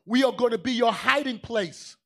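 High-voiced man preaching with fiery swings. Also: normal speed, vocal fry. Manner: emphatic, colloquial preaching that swings from low asides to shouting. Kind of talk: sermon.

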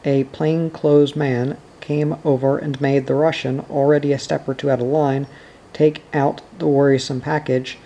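Flat, mellow-voiced male audiobook reader. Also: mid-range voice, dull audio. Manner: even, measured reading with quiet quoted dialogue. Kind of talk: nonfiction audiobook narration.

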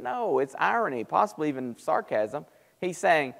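A man's voice: on the high side, sing-song, normal speed, vocal fry, fairly bright tone. A man teaching a Bible class in conversational style, acting out quoted speech. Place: church auditorium. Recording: long hall reverb of church live stream.

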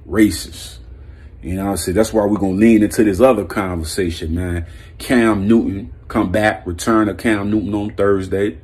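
A man's voice: fairly low pitch, darkish tone, slightly rough. A man giving a blunt, heated, profane sports opinion rant as a vlog host, breaking into laughs. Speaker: sports commentary vlogger.

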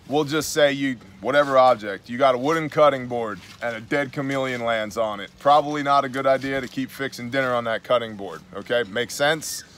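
A man's voice: mid-range voice, fairly bright tone. Blunt New man reading scripture. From New York. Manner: conversational, reads scripture aloud then comments with blunt asides. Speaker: host. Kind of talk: casual Bible study talk.

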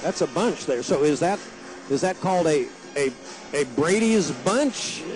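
A man calling basketball play-by-play on radio, excitable and jumping sharply higher on big plays, with chatty asides between plays. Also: unhurried, over music, poor audio.

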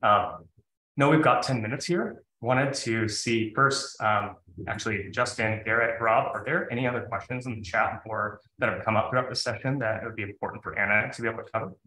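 A man's voice: on the low side, a little fast, pushed and bright. A man hosting a live webinar, talking in a loose, enthusiastic conversational way. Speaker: webinar host. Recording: echoey room.

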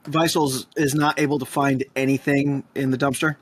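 A man playing in a tabletop game, talking in an animated, rambling way full of fillers. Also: medium pitch, moderate pace, breathy edge. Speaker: player.

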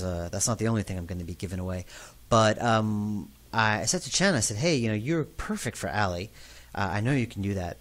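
Low-voiced man telling a behind-the-scenes story. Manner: lively storytelling, loudness swings up and down. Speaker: game director giving commentary. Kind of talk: commentary track, anecdotal.

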